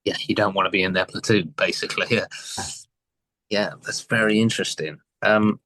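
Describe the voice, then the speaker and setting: A man hosting a podcast, asking questions in a halting way with fillers and restarts. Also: fairly low pitch, fairly even intonation, bright, forceful tone, a little hiss or hum, low-quality recording. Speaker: podcast host. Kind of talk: casual interview chat.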